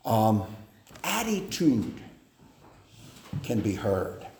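A man preaching a sermon on family life, slow and deliberate, with hesitant fillers. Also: on the low side, sing-song, darkish tone. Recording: echoey hall with faint noise.

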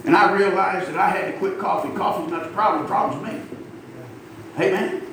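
High-voiced preacher in an echoey church. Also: male voice, fairly even intonation, a little fast. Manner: folksy, emphatic preaching with call-and-response. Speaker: pastor. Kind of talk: sermon. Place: church sanctuary. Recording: echoey church from far off, noisy.

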